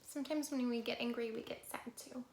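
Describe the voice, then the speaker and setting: A woman reading a picture book aloud to children as a storyteller, lively and talking straight to her young listeners, sometimes dropping into a soft whisper. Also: a little high, a little fast, roomy sound, background noise. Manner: animated, talks straight to children, drops to soft whispers for asides.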